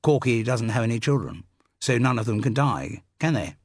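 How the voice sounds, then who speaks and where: A cheerful, dim upper-class young gentleman, as a male reader puts him on, hearty and bumbling with stammering starts. His voice is slightly breathy and swings lively in pitch. The storybook recording is close and dry. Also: normal speed, no room sound, close to an everyday voice. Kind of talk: audiobook character voice. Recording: dry close studio sound.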